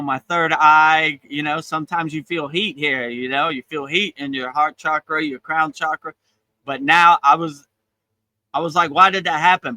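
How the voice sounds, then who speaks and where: A man giving a casual spiritual talk as a teacher, relaxed and encouraging, often repeating his phrases. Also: fairly high pitch, rough recording. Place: outdoors on a beach.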